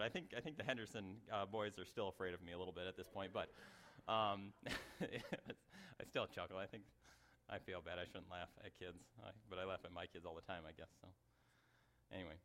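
A man's voice: sits low, fairly even intonation, brisk, fairly bright tone, a little hiss or hum. A middle-aged male pastor giving a sermon in a conversational way, breaking off into asides and chuckling at himself. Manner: conversational, self-interrupting, chuckles at own asides.

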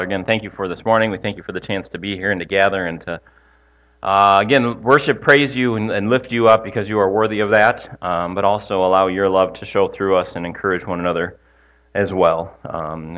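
A man's voice: sits low, lo-fi sound. A male pastor leading prayer and telling a story in a casual, hesitant way, full of restarts and self-deprecating asides.

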